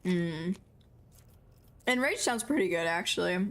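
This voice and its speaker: A woman's voice: lowish voice, expressive, a little slow, a bit bright. Young woman streamer mumbling over gameplay. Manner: self-described mumbler, chatty, muttering to herself. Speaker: game streamer. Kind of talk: casual live-stream chatter while playing.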